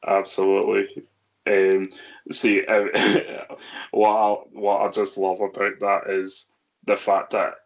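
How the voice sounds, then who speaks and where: Slow, low-voiced male podcast host. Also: fairly bright tone. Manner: leads the talk, recapping scenes and asking the others. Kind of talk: casual film discussion.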